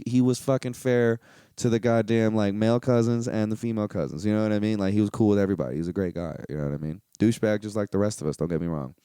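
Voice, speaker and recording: Rambling young man, low dry voice. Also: warm tone, clean tone, no echo. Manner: rambling, candid, profane, full of fillers. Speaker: podcast host. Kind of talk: casual solo podcast monologue.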